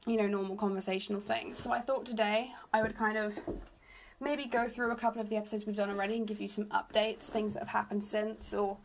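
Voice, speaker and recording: Chatty young woman with a raspy voice. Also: mid-range voice, a little hiss or hum. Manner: chatty, rambling, self-deprecating. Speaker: podcast host. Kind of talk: casual solo podcast chat. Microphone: phone.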